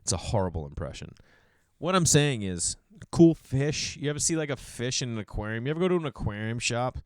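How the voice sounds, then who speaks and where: Rambling man from Boston, smooth dry voice. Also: brisk, dry recording. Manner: rambling, animated, swings between loud acted-out voices and low mumbled asides; swears casually, calls listeners dude. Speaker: podcast host and comedian. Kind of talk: casual comedic monologue.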